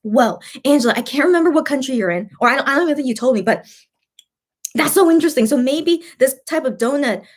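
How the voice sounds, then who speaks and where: A woman's voice: high voice, animated, quick pace. A young woman vlogger chatting casually while eating on a live stream, full of fillers and reading viewer comments aloud. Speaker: mukbang vlogger.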